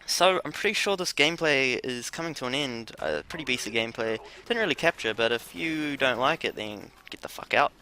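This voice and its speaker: A man's voice: medium pitch, lively intonation, a little fast, hardly any pauses, bright, forceful tone. A man telling a crude, rambling story with laughs while commentating over gameplay.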